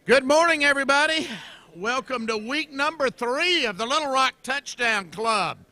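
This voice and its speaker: A middle-aged man hosting a club luncheon, telling stories with a jovial manner and quick asides. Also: extremely high pitch, animated, bright, forceful tone. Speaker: event host. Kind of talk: luncheon emcee remarks.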